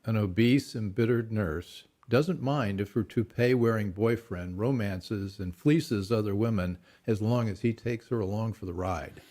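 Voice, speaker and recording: Low-voiced male interview host. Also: unhurried, hardly any pauses, mellow.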